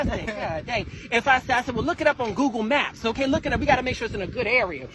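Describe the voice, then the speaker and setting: Fast-talking animated storyteller man. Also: crowd noise, rough recording. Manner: flamboyant, exclaiming, with sudden high-pitched quoting. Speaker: host.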